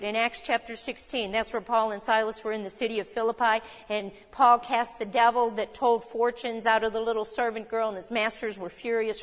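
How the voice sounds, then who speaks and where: A woman preaches an animated evening sermon at a middle pitch. She acts out the people in the scripture with voices of their own. Her words ring out in a hall with a long echo.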